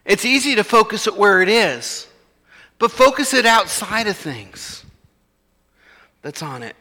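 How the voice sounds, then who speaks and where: A man's voice: sits high, sing-song, a little slow, pushed and bright, long reverb tail. A man, preaching a sermon in a church in a conversational way and acting out the voices of his listeners. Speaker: pastor.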